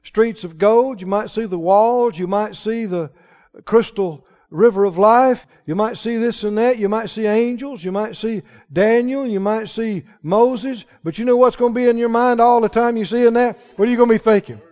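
A man's voice: high-pitched, moderate pace, mellow. A male pastor preaching a sermon with emphatic, rising declarations to a church congregation. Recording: dull sound with long hall reverb.

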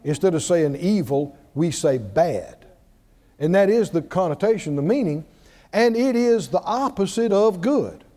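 High, lively-voiced preacher in reverberant hall. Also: male voice, measured pace. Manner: emphatic call-and-response preaching. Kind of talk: sermon.

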